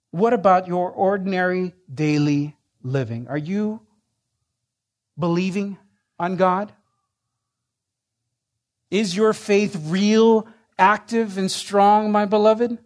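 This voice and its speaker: A man preaching a sermon in an earnest way, rising in force and then sinking to hushed lines. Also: high-pitched. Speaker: pastor.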